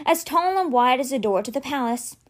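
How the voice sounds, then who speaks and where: A woman voicing an imperious, impatient young male high priest in a read-aloud story, barking orders. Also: expressive, fairly quick. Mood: commanding.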